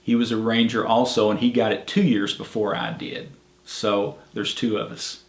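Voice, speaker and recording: With little pitch movement and a fairly low voice, a middle-aged man who works as a park ranger recounts stories at a normal speed. It's an oral history interview in an echoey room, and his telling is relaxed, plainspoken, and full of fillers.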